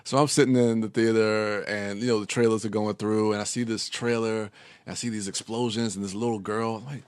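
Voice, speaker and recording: A man with a clear, resonant, lowish voice co-hosts a podcast, speaking a little fast with flat delivery. He chats casually and enthusiastically, rambling with lots of fillers and restarts, in studio-quality sound with no room echo.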